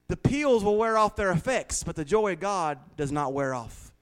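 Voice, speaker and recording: A man's voice: sits high, expressive, normal speed, few pauses, clear, resonant tone. A man preaching a folksy, joking sermon in a small church, laughing often. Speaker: pastor.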